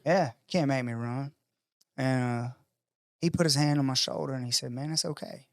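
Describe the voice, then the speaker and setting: A man's voice: medium pitch, normal speed, clear, resonant tone, no echo, studio quality. A man telling a personal story in a casual conversation, acting out other people's voices and swearing freely. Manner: animated storyteller acting out quoted voices, profane. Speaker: podcast guest.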